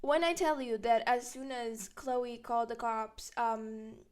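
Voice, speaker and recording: High-voiced young woman, brash storyteller. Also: a little slow. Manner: brash, profane, animated retelling with quoted voices. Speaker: storyteller vlogger. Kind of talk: casual story time.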